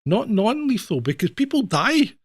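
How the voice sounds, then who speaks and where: A man's voice: sits high, big pitch swings, moderate pace, breathy edge, dry recording. A Scottish man co-hosting a casual talk show, telling stories and acting out the people in them. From Scotland. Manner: storytelling with laughs, acts out quoted voices. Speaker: podcast co-host, former police officer. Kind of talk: casual anecdotal chat.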